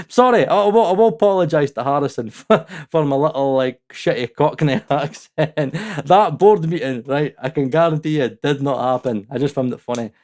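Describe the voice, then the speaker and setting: A man hosting his own audio-mixing channel, with a voice sitting slightly high. He delivers a heated, opinionated review and swears freely. He breaks into self-mocking laughs between his blunt points. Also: moderate pace, darkish tone. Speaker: mixing engineer and channel host.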